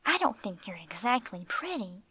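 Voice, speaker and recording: A woman's voice: medium pitch, big pitch swings, moderate pace, bright, forceful tone. A woman reading a timid female dog. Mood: shy. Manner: shy, hesitant.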